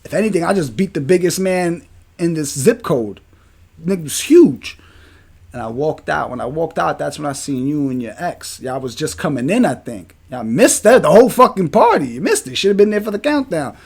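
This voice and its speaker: Animated New man telling a story. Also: on the high side, normal speed, gravelly, slightly rough. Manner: animated, profane, emphatic. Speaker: podcast co-host. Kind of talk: casual storytelling.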